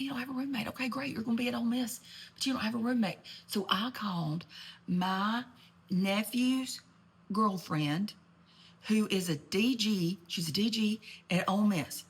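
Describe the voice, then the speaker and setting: A woman with a husky, medium-pitched voice speaks at normal speed, performing an in-character comedic monologue. Her story rambles and gossips, full of asides and genteel sass.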